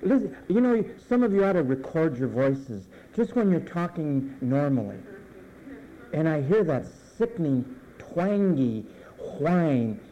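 A man's voice: fairly high pitch, big pitch swings, unhurried, highs cut off, a little hiss or hum. A male pastor preaching a sermon emphatically, drawing out phrase endings and letting them fall.

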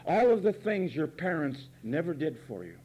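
Guy preaching from the pulpit, fiery and sarcastic, kinda high voice, warm and dark tone. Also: big pitch swings, normal speed, breathy edge. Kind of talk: sermon. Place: church pulpit.

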